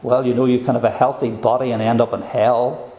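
A man preaching a sermon, earnest and emphatic, slowing down to stress key phrases. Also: medium pitch, level tone, roomy sound, dull audio.

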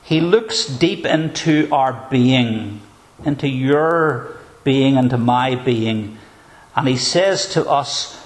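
Slow, earnest male preacher. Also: mid-range voice. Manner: measured, earnest, with probing rhetorical questions. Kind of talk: sermon.

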